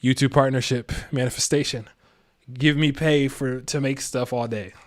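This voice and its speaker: A man's voice: mid-range voice, fairly even intonation, moderate pace. A man giving a casual live tarot reading, slangy and laid-back, chuckling to himself. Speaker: tarot reader and astrologer.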